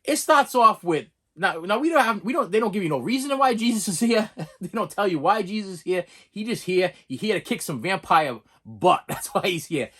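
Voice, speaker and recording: A man with a fairly high voice ranting through a casual movie review. His pitch swings all over the place, and he trips over his own words and keeps repeating himself. He chuckles often as he talks. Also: husky. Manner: animated, rambling, repeats words, laughs often.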